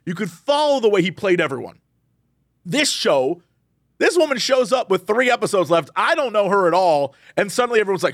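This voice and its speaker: High, lively man ranting on a podcast. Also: a little fast, no room sound, studio quality. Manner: animated ranting, jumps into quoted voices. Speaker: podcast co-host. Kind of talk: casual podcast chat.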